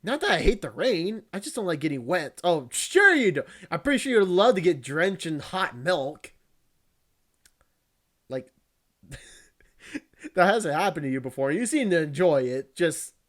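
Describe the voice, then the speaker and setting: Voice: medium pitch, a bit bright. A VTuber reading a visual novel aloud, breaking off for joking, crude, teasing asides and frequent laughs.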